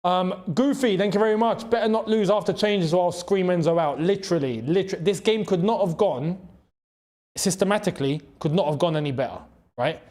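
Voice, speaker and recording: Young man, high voice, live football reaction, excitable, shouting and groaning, chatting to viewers. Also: brisk. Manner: excitable, shouting at big chances then groaning; chatty, reads out and thanks chat members. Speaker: football watchalong host. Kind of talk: live match reaction commentary.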